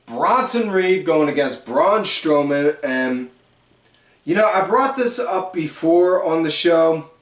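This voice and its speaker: A man hosting a wrestling recap podcast, telling matches as animated play-by-play and correcting himself as he goes. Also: a little high. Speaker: podcast host. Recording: echoey room, distant mic.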